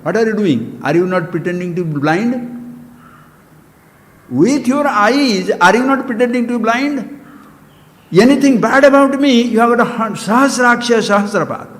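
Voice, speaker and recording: A man with an Indian accent delivers a spiritual discourse, his voice pitched high for a man. He talks emphatically, scolds his listeners and throws rhetorical questions at them, and the long reverb of a hall trails each phrase. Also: lively intonation, moderate pace. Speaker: spiritual teacher.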